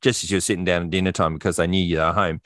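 A man's voice: deep voice, steady tone, racing, a bit bright, no echo, clean studio sound. A man with an Australian accent, a podcast co-host telling stories in casual chat, rambling with frequent fillers.

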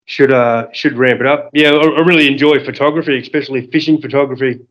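An Australian man, a fishing guide and podcast guest, talking in a relaxed, hesitant way full of fillers. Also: medium pitch, quick pace, dull audio. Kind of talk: casual podcast interview.

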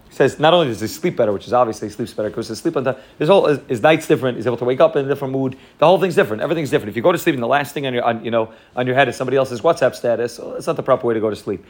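Rapid-fire man giving a Torah class. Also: mid-range voice. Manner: rapid, repetitive, mixes Hebrew and Yiddish terms into English. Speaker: rabbi teaching a class. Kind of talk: fast Torah lecture.

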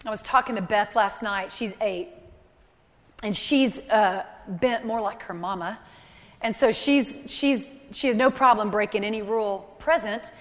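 A woman's voice: medium pitch, unhurried, fairly bright tone. A woman in her thirties preaching a sermon, emotional and earnest, repeating key phrases. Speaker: speaker at a church service. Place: large church hall. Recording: live hall with long reverb.

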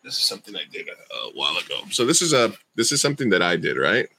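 Casual podcast host, male, lowish voice with a bright edge, rambles and restarts. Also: very animated, racing, slight background noise. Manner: rambling, self-correcting. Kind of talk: casual chat.

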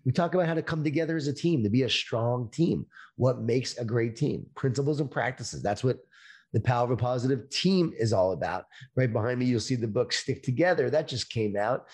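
A man's voice: medium pitch, darkish tone, husky. Middle-aged guy, leadership speaker being interviewed, punchy motivational lines, video call sound. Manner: slow, emphatic motivational phrasing.

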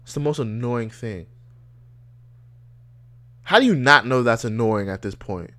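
A man's voice: mid-range voice, unhurried, bright, forceful tone, no room sound. A young adult man hosting a solo podcast, ranting and rambling with lots of profanity. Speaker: podcast host.

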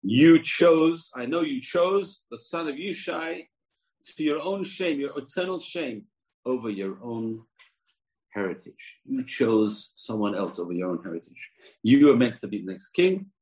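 Man acting out a jealous, raging older king, low voice, accusing, storytelling lesson. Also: lively intonation, moderate pace, a little mellow, close to an everyday voice, poor audio. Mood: furious. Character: angry older male king, jealous and furious.

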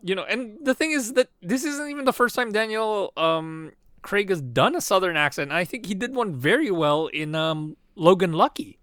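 A man's voice: sits high, normal speed, hardly any pauses, no room sound, clean studio sound. A man co-hosting a podcast, talking casually and animatedly about films with frequent fillers. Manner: animated, laughs often, many fillers. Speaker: podcast co-host. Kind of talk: casual film discussion.

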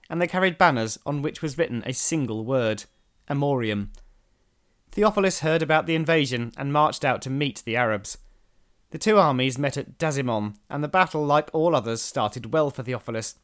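A man, a podcast host narrating history in a measured storytelling manner with dry asides. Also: mid-range voice.

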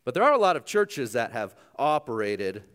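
A man's voice: mid-range voice, big pitch swings, normal speed, fairly bright tone. Casting: young adult man, pastor, easygoing sermon delivery with plenty of asides. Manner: conversational, self-deprecating, many asides.

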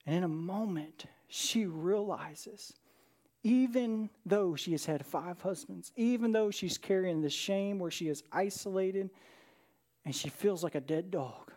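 Pastor guy preaching, chatty, keeps saying right?, goes from loud and quick to really quiet. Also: high voice. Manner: conversational, with frequent "right?" asides. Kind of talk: sermon.

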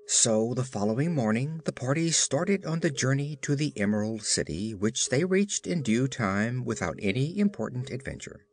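Expressive male storyteller. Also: mid-range voice, moderate pace, few pauses, soft background music. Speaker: narrator. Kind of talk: scripted narration.

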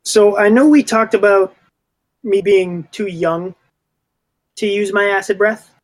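A man with a fairly high voice plays in a tabletop game, describing his moves in a laid-back, joking way. He talks loosely and casually. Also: a little slow. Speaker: player.

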